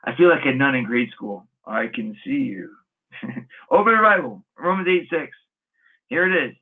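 A male monk preaching a scripture sermon in a gravelly, husky voice, sprinkling in folksy asides and chuckles. The sound is narrow and tinny, like a radio broadcast heard through a phone line. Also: medium pitch, animated, moderate pace.

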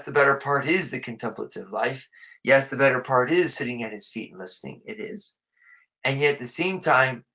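A man's voice: mid-range voice, pushed and bright, highs cut off. A man preaching a sermon in a conversational way, often repeating words as he rephrases his thoughts.

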